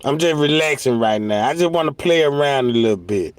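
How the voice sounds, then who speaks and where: A man's voice: medium pitch, animated, brisk, no room sound. A man giving joking, mocking commentary in slangy talk, breaking into laughter and slipping into mock voices for his punchlines. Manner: slips into mock voices for jokes. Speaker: commentary streamer.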